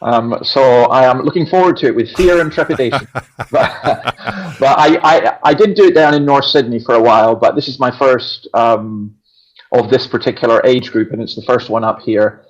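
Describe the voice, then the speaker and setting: A man's voice: medium pitch, moderate pace. A man with a Scottish accent, a pastor talking earnestly and emphatically in a conversational religious discussion, often restarting his sentences. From Scotland. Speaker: pastor and show regular. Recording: dull lo-fi sound.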